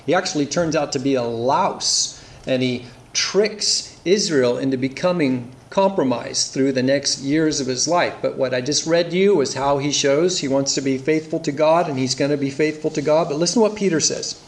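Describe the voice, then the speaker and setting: A man's voice: fairly high pitch, normal speed. A man preaching an earnest expository sermon, reading scripture aloud and explaining it. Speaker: pastor.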